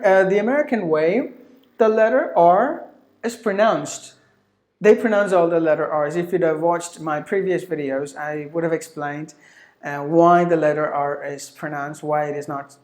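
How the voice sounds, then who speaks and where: A woman's voice: sits low, a little mellow, echoey room. A woman teaching pronunciation, repeating each word several times with many fillers. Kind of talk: online pronunciation lesson.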